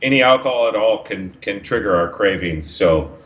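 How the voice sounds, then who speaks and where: Low-voiced man in a roomy, dull recording. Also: expressive, normal speed, fairly bright tone. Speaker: co-host. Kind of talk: casual recovery talk.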